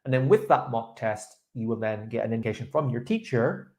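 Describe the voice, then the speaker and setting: A man's voice: mid-range voice, animated, fairly quick, a little mellow. A young man, an English speaking teacher, giving encouraging feedback after a mock test and modelling the right pronunciation.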